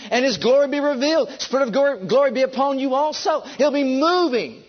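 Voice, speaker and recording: A man preaching a sermon with fervent, drawn-out emphasis, leading his congregation to repeat after him. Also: very high voice, lo-fi sound. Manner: leads the congregation in call and response.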